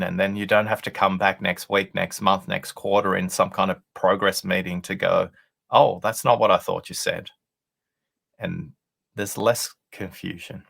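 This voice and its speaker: Speaking over a video call, this male author and leadership-show guest tells a story conversationally, earnestly explaining and voicing the dialogue he quotes. He has a low-pitched, gravelly, husky voice with a fairly bright tone.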